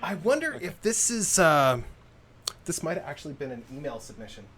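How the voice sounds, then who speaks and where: Male stream host, casual and distracted, slightly high voice, very lively pitch. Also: normal speed, slight background noise. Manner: distracted, checking things while talking. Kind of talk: casual livestream chat.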